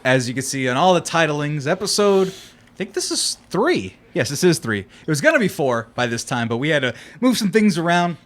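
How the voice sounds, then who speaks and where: A man's voice: on the high side, very animated, normal speed. Chatty young man hosting a podcast. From Fresno, California. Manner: joking, rambling, laughs often. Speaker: podcast host. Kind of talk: casual podcast chat.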